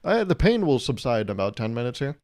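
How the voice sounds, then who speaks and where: A man's voice: mid-range voice, fast. A man hosting his own podcast, telling comedic stories with lots of swearing and acting out both sides of conversations. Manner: animated, profane, acts out both sides of conversations. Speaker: podcast host. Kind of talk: comedic solo podcast storytelling.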